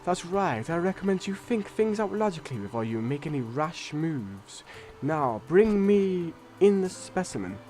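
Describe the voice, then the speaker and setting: A man's voice: a little high, big pitch swings, normal speed, a little mellow, soft background music. A man voicing a posh, cold older male scientist from a video game. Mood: condescending.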